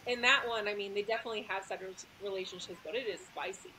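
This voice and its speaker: A woman's voice: medium pitch, racing, pushed and bright, a little hiss or hum, rough recording. A woman author, a guest on a podcast, chatting casually and laughing often.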